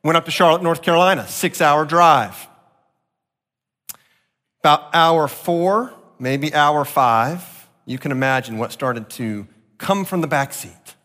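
Pastor, male, high and bright voice, animated delivery with vivid acted-out quotes, big hall reverb. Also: measured pace. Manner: expressive, acts out quotes with sharp jumps in pitch. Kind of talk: sermon. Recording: long reverb of a large hall.

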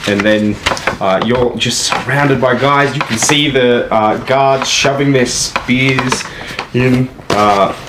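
A man narrating a tabletop game as game master, halting often with filler sounds. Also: mid-range voice. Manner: halting, many filler uhs. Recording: echoey room with noise.

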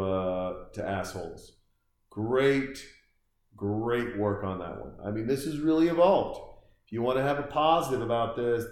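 Rambling man podcasting from home. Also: lowish voice. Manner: rambling, sarcastic, reacting aloud to what he watches. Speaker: podcast host. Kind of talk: casual movie-watching commentary. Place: room in a house. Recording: roomy echo.

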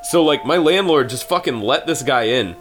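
A man's voice: medium pitch, lively intonation, moderate pace, a bit bright, faint music behind. A male guest telling a casual comedic story in a rambling, profane way, full of fillers.

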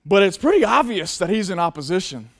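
High-voiced man preaching a sermon. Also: sing-song, brisk. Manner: earnest, shifts from hushed to loud emphasis. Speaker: pastor.

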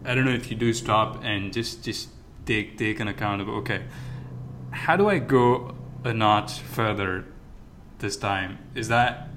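A man's voice: on the low side, background noise. A man hosting an interview, asking long, rambling questions full of restarts and fillers. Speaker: podcast host.

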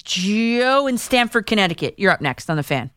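A woman hosting a call-in sports radio show, giving quick, emphatic opinions with frequent restarts. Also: medium pitch, big pitch swings, fairly bright tone, smooth, no echo, studio quality. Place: radio studio.

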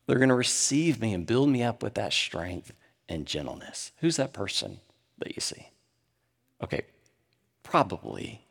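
Lively man preaching in a hall. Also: medium pitch. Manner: swings from animated to hushed. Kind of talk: sermon. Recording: long hall reverb.

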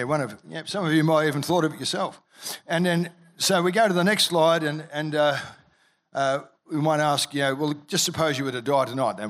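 A male pastor preaching a sermon, telling a story with frequent restarts and fillers, and rising in pitch and loudness when excited. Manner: lively, rises in pitch and volume when excited.

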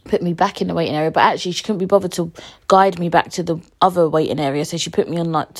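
A woman, a podcast host telling a story in casual, slangy talk and acting out what people said. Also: on the low side. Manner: animated, slangy, acts out conversations.

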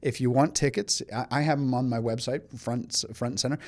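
A man's voice: medium pitch, fairly quick, few pauses, a little mellow. A middle-aged man from England, a studio guest on a radio talk show, chatty with many restarts. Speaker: economic development chief, studio guest. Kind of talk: casual radio interview.

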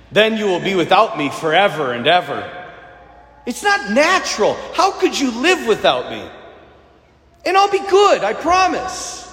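A man voicing a small male lizard tempter that pleads in a low, coaxing way. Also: a bit bright, reverberant, in a large hall, heavily acted.

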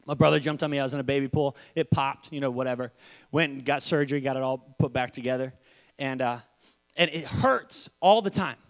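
A young man preaching a sermon, acting out stories with sudden shouts and repeated words. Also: mid-range voice, fairly quick. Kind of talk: animated sermon storytelling.

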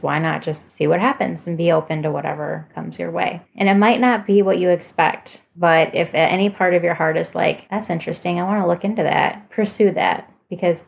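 A woman's voice: lowish voice, creaky, narrow, tinny audio. A woman hosting a spiritual talk, speaking in an earnest, heartfelt way. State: emotional, voice moved. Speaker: spiritual podcast host. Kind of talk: reading a personal message, then casual talk.

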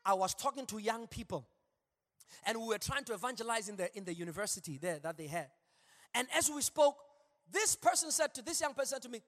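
A male pastor preaching an animated sermon in a large church, with call-and-response asides. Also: very high-pitched, fast. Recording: long hall reverb.

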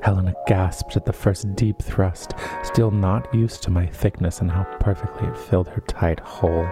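This man has a husky, fairly low voice and co-hosts a casual podcast. He moves between sultry reading of romance passages and joking chat with laughs, over background music. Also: fairly even intonation, moderate pace. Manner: reads erotic passages in a low sultry voice, then jokes with laughs. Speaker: podcast co-host.

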